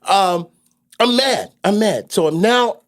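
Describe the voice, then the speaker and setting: A man from New York City tells a long, rambling story in casual chat, stopping and restarting often. His voice sits high and swings widely up and down as he talks. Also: expressive, takes it slowly. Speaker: podcast co-host.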